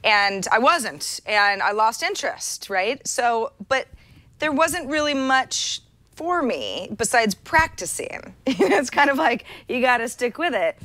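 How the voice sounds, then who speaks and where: A woman's voice: fairly high pitch, expressive, measured pace, a bit bright, no room sound. Chatty woman co-host, dry sound. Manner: chatty, self-deprecating, restarts often. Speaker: podcast co-host. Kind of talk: casual chat.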